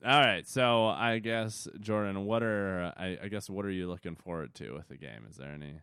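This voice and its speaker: A man's voice: sits low, normal speed, a bit bright, clear, resonant tone, dry recording, studio quality. A man co-hosting a podcast in casual chat, laid-back, laughing often and trailing off into mumbles. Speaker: podcast co-host.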